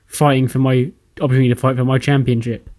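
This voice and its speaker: A man's voice: medium pitch, flat delivery, fast, a little mellow, lightly acted. A man doing a defiant female champion.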